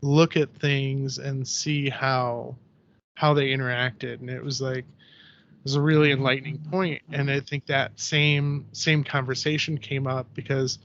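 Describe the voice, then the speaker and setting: A man's voice: medium pitch, a little slow, highs cut off, slight background noise. A man, a guest on a podcast, chatting casually and telling anecdotes in which he acts out what people said. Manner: animated storyteller who acts out quoted voices, heavy use of "like". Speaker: podcast guest, ceramic artist.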